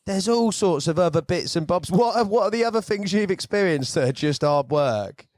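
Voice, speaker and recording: A man hosting a podcast, asking relaxed questions with lots of "like" fillers. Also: high-pitched, normal speed, no room sound, clean studio sound. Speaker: podcast host. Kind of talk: casual interview chat.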